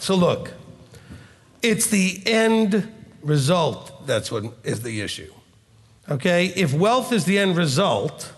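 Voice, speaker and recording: A man preaching as a rabbi with a lively, swinging delivery and a voice pitched a little above average. He keeps firing rhetorical questions and plays out both sides of arguments. A long hall reverb trails each phrase. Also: vocal fry. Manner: animated, acts out dialogue, rhetorical questions. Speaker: rabbi and teacher. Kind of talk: teaching sermon with questions.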